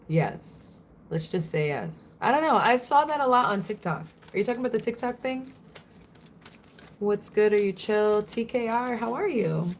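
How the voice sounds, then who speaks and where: A young woman from Florida chatting casually on a livestream, giggling often and answering viewers' comments. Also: medium pitch.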